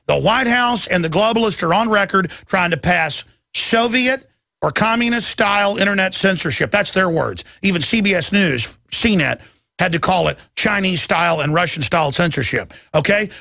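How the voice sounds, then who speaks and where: An impassioned man in his thirties rants through a talk radio monologue. His voice is gravelly and sits a little high, with a sharp, forceful edge. The studio sound is dry and close. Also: expressive, moderate pace, no room sound. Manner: impassioned, ranting, mimics others in quoted voices. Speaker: radio host.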